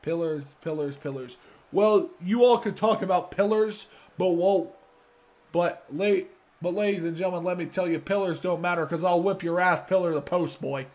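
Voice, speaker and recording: A man's voice: high voice, moderate pace, a little mellow, lightly acted. A man doing a cocky wrestling champion promo. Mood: mocking. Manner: boastful, taunting promo delivery. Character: brash cocky male pro wrestling champion. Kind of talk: wrestling promo role-play over a video game.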